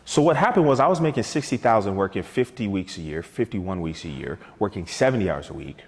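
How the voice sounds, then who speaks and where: A man's voice: lowish voice, fast, slightly rough, long reverb tail. A man talking as a guest sales coach on a talk show, telling stories with energy and acting out both sides of sales conversations. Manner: energetic, storytelling, acts out sales dialogues.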